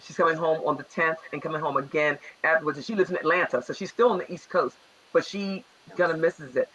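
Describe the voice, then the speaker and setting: Husky man with a Baltimore accent. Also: a little high, fast. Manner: animated storyteller. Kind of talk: casual talk show chat. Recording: dull, lo-fi sound.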